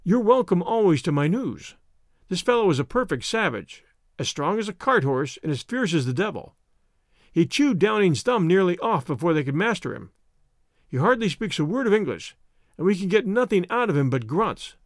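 A man's voice: high voice, very animated, moderate pace, dry recording, clean studio sound. A man voicing a shrewd, stubborn male police inspector who talks in a cocky, pointed way. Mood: sly, self-assured.

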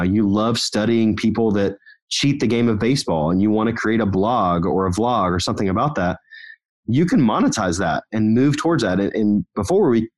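Man, low voice, podcast guest, energetic motivational storyteller, casual conversation. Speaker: guest, company founder.

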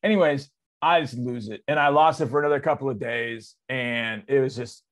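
A man in his forties, a sports radio host, telling a story on air in a loose, excitable, conversational way. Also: moderate pace. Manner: animated, excitable storyteller with big swings in loudness and pitch; conversational, drops into loose asides.

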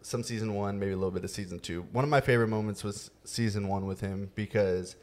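A man hosting a podcast, telling a story in a relaxed, casual way with many fillers. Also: lowish voice, quick pace. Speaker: podcast host. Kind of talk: casual chat.

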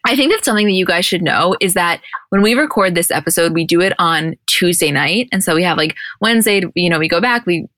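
Woman, podcast co-host, casual chat, quick talker, dry close sound. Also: fairly low pitch, expressive, fairly bright tone, dry recording. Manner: chatty, retells scenes with quoted dialogue.

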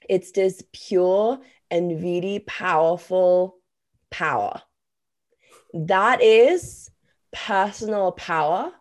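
A woman's voice: medium pitch, darkish tone. Enthusiastic, emphatic woman host. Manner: enthusiastic, emphatic, swears casually. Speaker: podcast host. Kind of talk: casual conversation.

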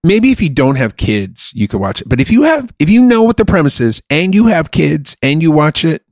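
A man's voice: on the high side, sing-song, brisk, darkish tone, no echo. A man co-hosting a podcast, chatting casually and bluntly, swearing often as he rants. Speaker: podcast co-host. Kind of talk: casual profane chat.

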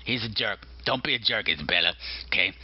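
A man's voice: fairly low pitch, quick pace, husky, muffled recording, voice pushed down. Man doing Flem, a rude mocking gargoyle. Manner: mocking, insulting, rambling and self-important. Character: rude, boastful male gargoyle, mischievous rebel.

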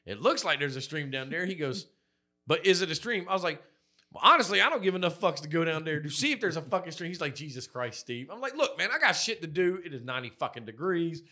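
A quick-paced, very animated man with a slightly high voice tells profane tales from work as a podcast co-host. Quoted people get loud impressions from him in this casual, crude talk.

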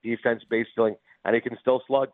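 A man calling into a sports radio show as a guest, chatting fast and animatedly about baseball and movies. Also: medium pitch, no echo. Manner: fast, animated, does impressions. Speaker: guest commentator. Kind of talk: casual sports radio chat. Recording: tinny phone-line sound.

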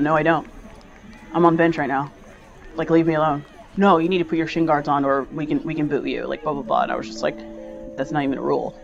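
A woman's voice: deep voice, brisk, highs cut off. A young woman soccer player telling a personal story casually, laughing and acting out what people said. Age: young adult. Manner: animated, laughs often, acts out dialogue. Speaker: soccer player, interview clip.

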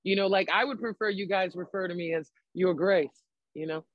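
A man from Baltimore in a casual group chat, playful and animated, jumping up in pitch to act out what he would say. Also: brisk, no room sound, highs cut off. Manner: playful, animated, goes high for put-on lines. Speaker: panelist.

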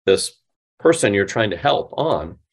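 A man being interviewed on a podcast, explaining with animated, demonstrative delivery and acting out example phone lines. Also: on the low side, measured pace, slightly rough. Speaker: guest, sales company CEO.

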